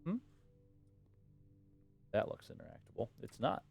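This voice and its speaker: A man's voice: on the low side, huge pitch swings, measured pace, creaky, darkish tone, soft background music. A man streaming a video game live, muttering and reading on-screen text aloud with slangy jokes. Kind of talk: casual live gameplay commentary.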